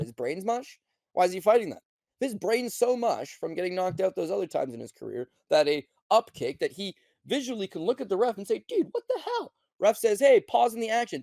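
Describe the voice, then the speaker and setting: Blunt gravelly-voiced man ranting. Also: a little mellow, dry recording. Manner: blunt, profane, mocking; acts out quotes in high mocking voices. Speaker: podcast host. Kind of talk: casual sports betting rant.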